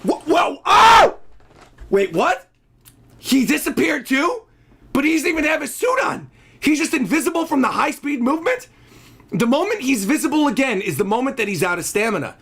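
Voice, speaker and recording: Excitable man shouting reactions. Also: very high-pitched, moderate pace, vocal fry. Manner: excitable, often shouting and exclaiming. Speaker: host of a manga reaction stream. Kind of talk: live reaction commentary.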